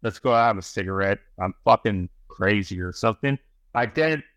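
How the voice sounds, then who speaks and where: A man's voice: lowish voice, normal speed, fairly bright tone, no echo. A middle-aged man, a podcast guest, telling a long story in casual chat, rambling and swearing, tagging sentences with "right?" and "bro".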